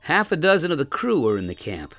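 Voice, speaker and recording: A man reading an old-fashioned first-person story aloud with expressive storytelling. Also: a little high, a little fast, no echo, soft background music.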